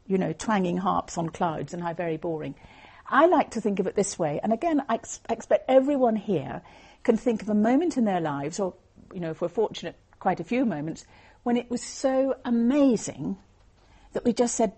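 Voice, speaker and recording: A lay speaker gives an evangelistic Bible talk, earnest and explanatory, at a normal speed with a sing-song lilt. Her warm, mellow voice is husky and breathy, sitting at a middling pitch for a woman.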